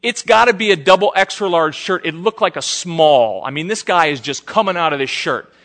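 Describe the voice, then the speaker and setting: A male preacher tells stories in a sermon, acting out each quote with animation. His voice sits fairly high and rings forceful and bright. A long reverb from a large hall hangs behind him. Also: a little fast. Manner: animated storyteller, acts out the quotes. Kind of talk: sermon with storytelling.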